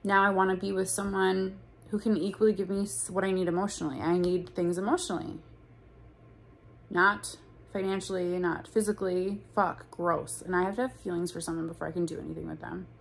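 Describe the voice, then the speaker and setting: A woman's voice: lowish voice, level tone, a little fast, vocal fry, a little hiss or hum. A young woman in a casual storytime vlog, talking bluntly and profanely with lots of "like". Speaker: vlogger.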